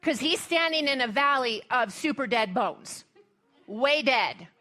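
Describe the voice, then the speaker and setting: A woman's voice: high-pitched, expressive, unhurried, sharp tone. A middle-aged woman pastor, preaching a sermon in a chatty, humorous way and reading scripture aloud.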